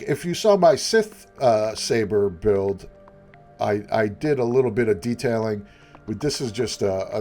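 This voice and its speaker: A man at a middling pitch talking through a hobby build as voice-over. He rambles cheerfully, backtracks and restarts sentences, and pokes fun at himself. Faint music plays underneath. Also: a little mellow. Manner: chatty, self-deprecating, rambling with restarts. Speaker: prop maker. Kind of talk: tutorial voice-over narration.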